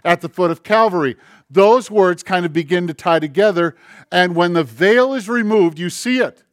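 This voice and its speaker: A man preaching a sermon in an earnest, conversational way, slowing down on key phrases and acting out short bits of dialogue. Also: sits high, no echo, clean studio sound. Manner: acts out dialogue and asides. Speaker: pastor.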